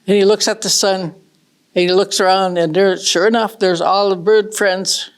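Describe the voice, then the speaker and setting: A middle-aged woman from northern Michigan telling a traditional story in a folksy, unhurried way, with casual asides to her listeners. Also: mid-range voice, fairly even intonation.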